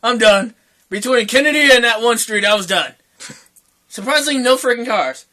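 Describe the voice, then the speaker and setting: High bright-voiced young man telling a story. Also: normal speed. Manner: animated, acts out quoted voices, swears freely. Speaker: podcast co-host. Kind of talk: casual storytelling chat.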